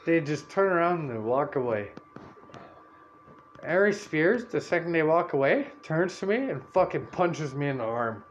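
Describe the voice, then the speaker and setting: A man's voice: fairly high pitch, moderate pace, dull audio, a little hiss or hum. Foul-mouthed man ranting. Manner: swears constantly, animated and rant-like. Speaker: podcast host. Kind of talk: profane rambling storytelling.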